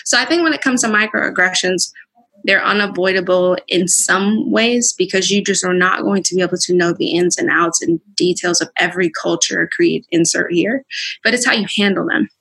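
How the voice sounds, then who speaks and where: Young female guest, straight shooter, husky bright tone, live-stream chat. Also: on the low side, normal speed. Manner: blunt, straight-talking, animated. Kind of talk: candid conversation. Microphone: Instagram live stream.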